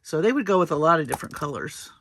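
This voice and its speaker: A woman's voice: low-pitched, very animated, fast talker, a little hiss or hum. A woman hosting a casual jewelry-making tutorial, chatty and playful as she works through each step. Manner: chatty and playful, with small laughs. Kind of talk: casual craft demonstration.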